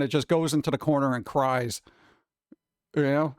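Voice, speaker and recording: A man's voice: medium pitch, steady tone, normal speed, darkish tone, clean tone, no room sound, clean studio sound. A man hosting a casual stream chat, rambling and mimicking gadget voices as he talks to his chat. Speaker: streamer host.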